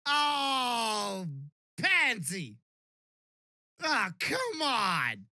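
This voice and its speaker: Bright, blunt-talking woman. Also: fairly high pitch, huge pitch swings, extremely slow, no room sound, studio quality. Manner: blunt, interjects and swears freely. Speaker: podcast co-host. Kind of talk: casual chat.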